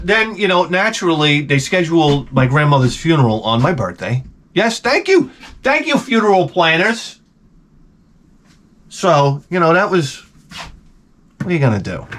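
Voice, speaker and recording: A man's voice: a little high, expressive, moderate pace, a bit bright, a little hiss or hum. A man in his forties telling stories in a rambling, profane, wry vlog monologue. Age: 40s. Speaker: vlogger. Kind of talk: casual storytelling monologue.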